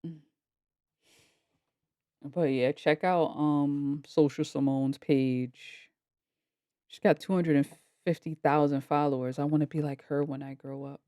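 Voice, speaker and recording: A woman vlogger with kids reacts to a video, telling a story casually and bluntly and swearing freely as she retells arguments. Her voice is deep, and the recording is dry and dull.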